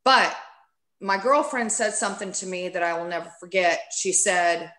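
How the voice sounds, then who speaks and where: A woman guest on a podcast, candidly telling a personal story in a casual, animated way and acting out what people said. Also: fairly low pitch, moderate pace, echoey room. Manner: candid, animated, acts out quoted speech.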